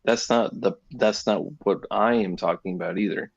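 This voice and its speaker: A man in his thirties gives blunt, profane advice in casual chat. His voice is low and gravelly. The recording is dry and dull, with a lo-fi sound. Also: moderate pace, a crowd in the background. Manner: blunt, advice-giving, swears freely.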